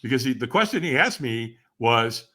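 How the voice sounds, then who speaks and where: Lively, bright-voiced male storyteller. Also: mid-range voice, normal speed. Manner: acts out quoted dialogue, emphatic and lively. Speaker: podcast guest. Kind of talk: animated storytelling in conversation.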